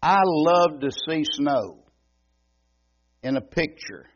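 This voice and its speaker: A man's voice: on the high side, animated, highs cut off. An older man with an East Texas Southern accent, preaching a folksy, joking sermon as a visiting preacher. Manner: homey, joking, unhurried drawl. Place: church sanctuary.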